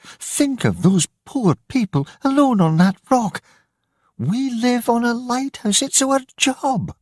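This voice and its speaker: A man's voice: sits high, very animated, takes it slowly, husky, no echo, pitched above the performer's own voice, exaggerated voice. A man putting on a brave young lighthouse girl. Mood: defiant. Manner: urgent, pleading. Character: brave young woman, lighthouse keeper's daughter.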